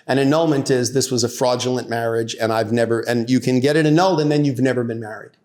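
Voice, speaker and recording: A middle-aged man, a divorce attorney and podcast guest, telling an animated courtroom anecdote in casual talk, his voice rising for the punchlines. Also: fast talker. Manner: lively storyteller, rises in pitch and volume for punchlines; conversational, many "like" and "you know" fillers.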